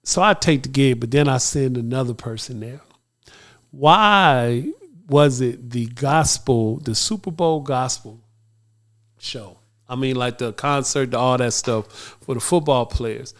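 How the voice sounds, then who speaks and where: A man's voice: mid-range voice, measured pace, fairly bright tone. A man hosting a podcast, also a radio morning host, telling a personal story in a casual, slangy, emotional way.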